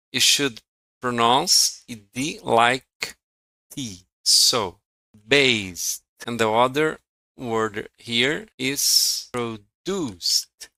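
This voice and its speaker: Brazilian guy teaching english pronunciation, super slow, repeats each word, bright voice. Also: medium pitch, no echo, low-quality recording. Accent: Brazilian Portuguese. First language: Portuguese. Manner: slow, deliberate, repeats words for drilling. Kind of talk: online pronunciation lesson.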